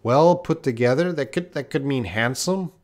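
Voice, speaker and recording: A man's voice: mid-range voice, moderate pace, a little mellow. A man teaching English on a live stream, reading out viewer questions and answering them bluntly. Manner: reads viewer questions aloud and corrects them, blunt and direct.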